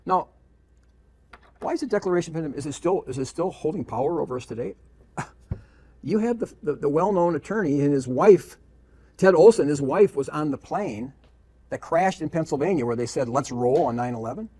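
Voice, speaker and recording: Emphatic preacher man, slightly high voice. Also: animated, brisk, mellow. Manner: emphatic, rhetorical questions, repeats phrases. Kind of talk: preaching lecture with read-aloud quotations.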